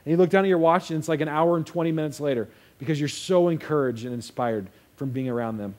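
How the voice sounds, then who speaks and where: Young man, pastor, sermon, fairly high voice, casual storytelling. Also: quick pace, a little mellow. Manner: casual storytelling, acts out quotes.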